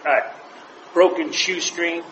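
A man's voice: a little high, fairly even intonation, takes it slowly. Man sharing stories in an echoey room. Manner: anecdotal, chuckles through his stories. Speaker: meeting member sharing. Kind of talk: casual storytelling share. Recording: echoey room with faint noise.

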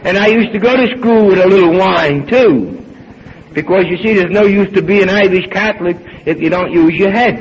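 An older man tells his own story with a slightly high voice, swinging between loud and hushed as he plays out old conversations. The recording is dull and lo-fi, with a faint hiss underneath. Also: moderate pace. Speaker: speaker at a recovery meeting. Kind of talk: personal storytelling talk.

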